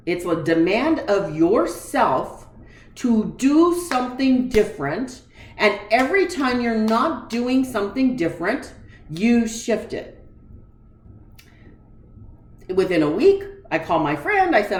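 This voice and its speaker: A woman's voice: lowish voice, measured pace, reverberant. A woman in her forties, candidly telling a personal story with emotion, acting out the conversations she recalls. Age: 40s. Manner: candid, emotional, animated retelling with quoted dialogue. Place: room in her home.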